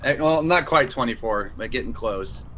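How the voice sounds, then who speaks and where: A man's voice: medium pitch, animated, moderate pace, fairly bright tone. A tired man guesting on a casual gaming stream, laid-back and reluctant. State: tired after long wakefulness.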